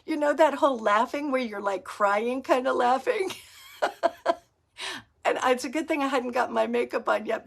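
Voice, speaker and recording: A woman's voice: a little high, creaky. A middle-aged woman from Florida hosting a podcast, telling stories in a casual monologue and laughing often. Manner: laughs often, storytelling with acted-out quotes. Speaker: podcast host.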